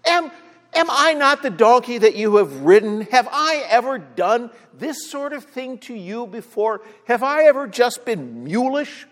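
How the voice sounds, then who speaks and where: A man's voice: very high voice, sing-song, unhurried, fairly bright tone, voice pushed up, heavily acted. A man voicing a plaintive, indignant talking male donkey in a sermon story, pleading with his master. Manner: pleading, questioning. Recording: long hall reverb.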